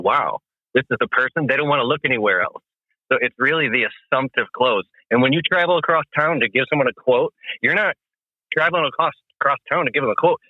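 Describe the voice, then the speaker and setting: A man's voice: mid-range voice, no echo. A man giving sales advice as a guest over a phone call, talking with confident emphasis. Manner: confident, emphatic, acts out customer talk. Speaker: guest landscaping business coach. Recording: tinny dry phone line.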